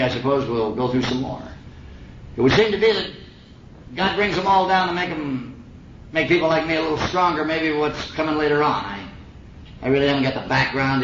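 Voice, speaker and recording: A man's voice: medium pitch, background noise. A middle-aged man giving a personal testimony at a recovery meeting, a folksy, slangy storyteller with wry humor. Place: meeting hall before an audience. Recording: old echoey lo-fi recording with audience.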